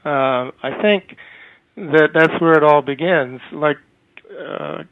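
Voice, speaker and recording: A man calling in to a talk show, speaking haltingly with many hesitations and partly reading from notes. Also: fairly high pitch, clear, resonant tone. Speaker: caller. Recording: tinny phone line.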